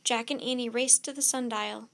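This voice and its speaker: High-voiced woman reading a children's book. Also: fairly even intonation, normal speed, fairly bright tone. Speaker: storyteller.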